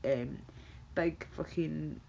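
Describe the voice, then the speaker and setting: Gravelly-voiced Scottish woman rambling on stream. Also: low voice, drawn-out words, dark tone, muffled recording, a little hiss or hum. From Scotland. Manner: rambling, reacting to chat comments. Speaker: livestreamer chatting with viewers. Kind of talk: casual livestream chat.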